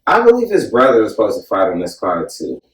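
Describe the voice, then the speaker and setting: A man's voice: fairly low pitch, fast. Man hosting a loose, profane podcast. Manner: animated, joking, mimics people loudly. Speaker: podcast host. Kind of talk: casual profane chat. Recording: roomy sound, mic at a distance.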